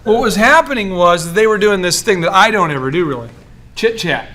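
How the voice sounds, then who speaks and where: A man coaching a room of business owners, animated and joking, often acting out the voices of people he describes. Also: high-pitched, a little fast, a little hiss or hum. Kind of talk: coaching workshop talk.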